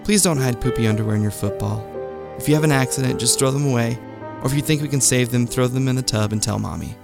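A man doing a gentle, patient mom. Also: mid-range voice, fast, gravelly, over music, pitched above the performer's own voice, lightly acted. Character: gentle, patient mother talking to her small son.

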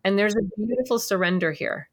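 A woman's voice: mid-range voice, fast. A woman hosting a podcast, chatting casually, enthusiastic and affirming, talking in long run-on thoughts. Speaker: podcast host. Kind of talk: casual interview chat.

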